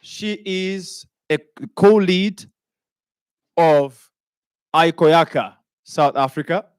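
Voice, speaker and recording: A male master of ceremonies at a summit with a fairly high voice, heard close and dry. He chats and jokes with the room as he introduces the next panel, stumbling over the guests' names. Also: very slow, clean tone, no room sound. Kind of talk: event hosting, introducing a panel. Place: conference hall.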